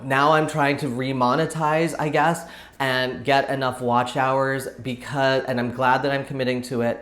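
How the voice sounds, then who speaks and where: Male vlog host, mid-pitched, chatty and rambling, mic at a distance. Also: a bit bright. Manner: rambling, talkative, thinks aloud. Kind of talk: casual chatty craft vlog. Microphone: camera set back at a distance on the table.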